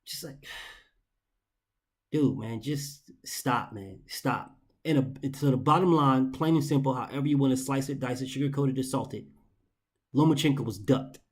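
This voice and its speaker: A man's voice: medium pitch, steady tone, moderate pace, long pauses, breathy edge. A man hosting a boxing commentary show, ranting in an exasperated, profane way and hammering points through repetition.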